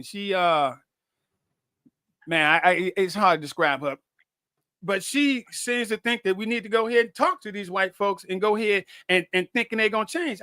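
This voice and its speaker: Man, high bright voice, stammering, profane, casual talk, dry sound. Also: dry recording. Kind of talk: casual conversation.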